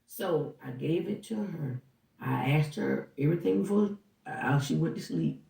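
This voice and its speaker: A woman who worked as a housekeeper, telling her story to viewers in a casual, animated way and acting out the dialogue as she goes. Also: deep voice, unhurried, creaky. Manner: animated, acts out dialogue while recounting. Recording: roomy, distant from the mic.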